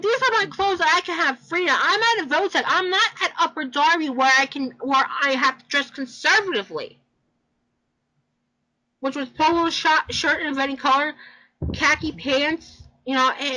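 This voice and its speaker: Casting: young woman, high bright voice, loose rambling storyteller, swears. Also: rough recording. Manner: rambling, repeats herself, swears. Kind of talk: casual personal story.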